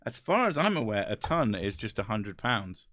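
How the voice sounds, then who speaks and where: A low-voiced man with an English accent talks close to the mic in a dry room. He rambles through casual chat with a wry tone and drops swear words freely. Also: big pitch swings, normal speed, fairly bright tone, no echo. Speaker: host. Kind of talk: casual chat reading comments.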